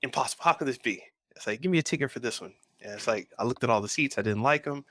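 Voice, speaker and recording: A rapid-fire talker with a mid-range voice, this pop culture podcast co-host rambles through an animated story in casual chat. The recording is dry.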